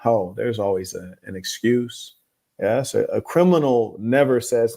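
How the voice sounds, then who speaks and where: Calm, preachy male advice host. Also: mid-range voice, measured pace, creaky. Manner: calm, preachy and moralizing, blunt opinions. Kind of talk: relationship advice commentary, reading viewer letters.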